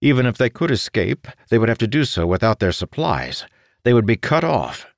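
A man reading a fantasy audiobook in a steady, measured scripted narration. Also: mid-range voice, vocal fry, dry recording, clean studio sound.

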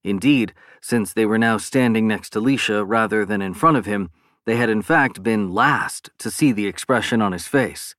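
This is scripted audiobook narration of a science fiction book by a man with a lowish voice. He reads at an even, measured pace, and the studio sound is clean and dry.

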